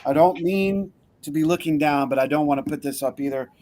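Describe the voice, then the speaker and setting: A man's voice: on the high side, fairly quick, warm tone. A man hosting a casual online holiday chat, upbeat and playful, greeting guests by name over a video call. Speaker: host.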